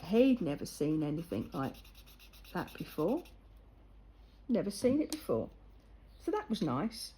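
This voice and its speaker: An older woman with a soft, mellow voice and a slight breathy huskiness. She chats casually while colouring, telling an anecdote and acting out what each person said. She is close to the mic. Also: lowish voice, a little slow, pauses often, poor audio. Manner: chatty storytelling with lively retold quotes. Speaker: vlogger.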